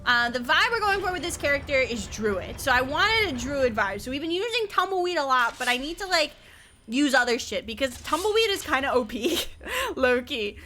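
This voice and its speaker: A woman's voice: high-pitched, very animated, normal speed, bright, forceful tone, a little hiss or hum. A young woman streamer giving chatty, giggly game commentary, swearing freely.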